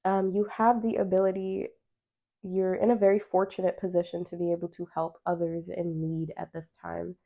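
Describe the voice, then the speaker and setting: A woman's voice: lowish voice, flat delivery, moderate pace, vocal fry, dull audio. A woman doing a pick-a-card tarot reading to camera. She talks directly to her viewers in a chatty, encouraging way and reads card meanings aloud. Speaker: tarot reader.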